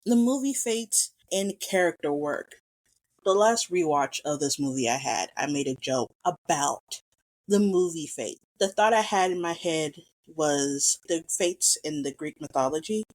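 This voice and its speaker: A woman's voice: low-pitched, expressive. A woman hosting a casual film commentary, talking with rambling enthusiasm and gushing over scenes she loves. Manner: enthusiastic, rambling, quick to gush. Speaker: podcast host.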